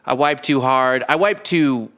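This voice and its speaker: A man's voice: medium pitch, expressive, measured pace, fairly bright tone. A man co-hosting a comedy history podcast, joking crudely in casual chat and trailing off into mumbles. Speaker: podcast co-host.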